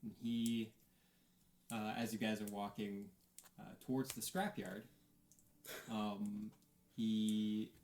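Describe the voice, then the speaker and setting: Male game master narrating, slow and halting, faint hiss on the track. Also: fairly low pitch, little pitch movement, a little mellow, reverberant, poor audio. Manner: slow, hesitant, many fillers.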